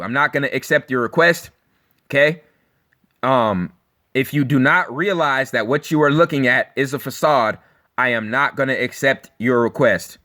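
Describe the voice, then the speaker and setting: Bright, forceful man ranting scornfully. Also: a little high. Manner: scornful and emphatic, repeats phrases, mocks listeners; swears freely. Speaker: channel host. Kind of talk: ranting video monologue.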